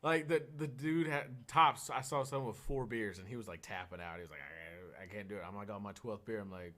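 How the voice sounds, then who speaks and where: A young man from Oklahoma with a thick country accent, telling stories in a casual, animated podcast chat full of fillers. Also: mid-range voice, a little fast. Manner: animated, laughing storyteller with many fillers. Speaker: podcast co-host.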